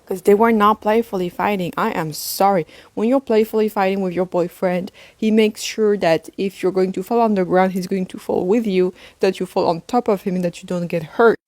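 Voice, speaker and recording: A woman's voice: medium pitch, steady tone, fairly quick, few pauses, darkish tone, dry recording. A woman giving blunt, direct relationship advice in a short video. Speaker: social media commentator.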